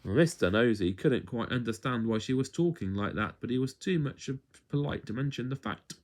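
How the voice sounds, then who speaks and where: Man reading a bedtime story, lively. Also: medium pitch, moderate pace, slight background noise. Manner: expressive, playful read-aloud. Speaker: parent reading to a child.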